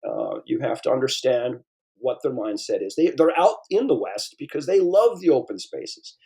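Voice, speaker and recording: A man's voice: medium pitch, very animated, normal speed, dark tone, slightly rough. A man in his fifties talks loosely as an interview guest. He often restarts sentences and fills gaps while he spins a story, and his voice sits mid-range. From eastern United States. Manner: rambling, storytelling, frequent restarts and fillers. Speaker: paleontologist guest. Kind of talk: casual interview conversation.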